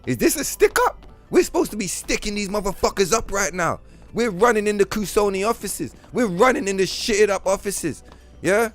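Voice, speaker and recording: A man's voice: sits high, normal speed, faint music behind. A man hosting a game livestream, telling rants and stories in heavy profanity, with a lot of animation in his voice. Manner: profane, ranting, animated storyteller. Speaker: streamer host. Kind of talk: casual game stream chat.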